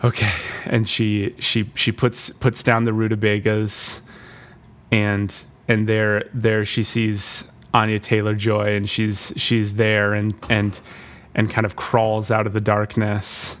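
A man co-hosting a comedy podcast, retelling a made-up plot in a rambling, deadpan way with constant restarts. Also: lowish voice, slow pace. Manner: rambling, full of fillers and restarts, deadpan storytelling. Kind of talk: comedic improvised story retelling.

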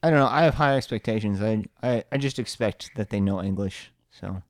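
A man's voice: fairly low pitch, a little fast, dry recording. A man telling rambling stories in casual podcast chat, laughing at his own jokes.

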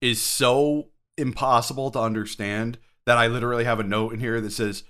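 A man co-hosting a podcast, making dry deadpan asides in casual banter. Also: mid-range voice, brisk, hardly any pauses, smooth. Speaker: podcast co-host. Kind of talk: casual movie-review banter.

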